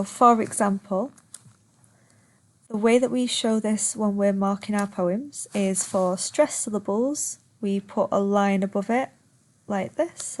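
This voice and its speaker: A woman teaching a recorded online lesson, calmly explaining step by step and drawing out words to show their stress. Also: medium pitch.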